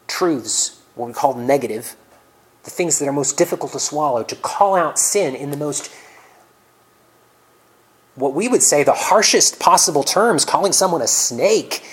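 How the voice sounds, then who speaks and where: A man preaching a sermon, reading scripture loudly and then dropping to soft, near-whispered reflections. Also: on the high side, low-quality recording.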